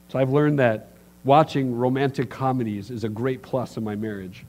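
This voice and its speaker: A middle-aged pastor delivers a sermon in a mid-range voice at a moderate pace. He's an animated storyteller, acting out the voices of the people in his stories.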